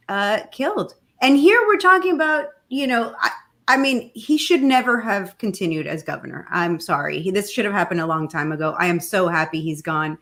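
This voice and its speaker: A woman's voice: mid-range voice, animated, normal speed, fairly bright tone. Emphatic woman co-hosting a podcast. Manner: emphatic, exasperated. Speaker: podcast co-host. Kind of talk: casual chat.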